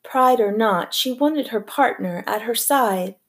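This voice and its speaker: A woman narrating a novel as an audiobook reader, with a measured, even storytelling delivery. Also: on the high side. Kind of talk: scripted narration.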